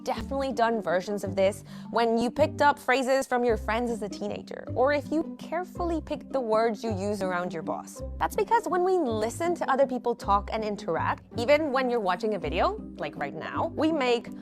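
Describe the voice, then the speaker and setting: Give me a woman host giving clear, playful scripted narration for an explainer. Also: on the high side, animated, fairly quick, hardly any pauses. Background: background music.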